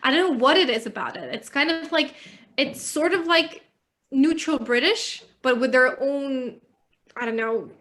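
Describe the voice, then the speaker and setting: A woman's voice: sits high, expressive, unhurried, a bit bright. A woman guest, an English teacher, chatting casually and laughing easily. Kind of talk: casual conversation.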